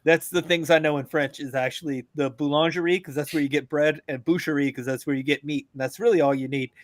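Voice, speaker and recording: A veteran man ranting on a podcast in a blunt, joking way, his fairly high voice climbing as he gets going. He talks over a video call, and the sound is dry with no room echo. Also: fairly even intonation, fast talker. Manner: blunt, joking, gets louder and higher as he rants. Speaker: veteran guest. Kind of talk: casual podcast rant.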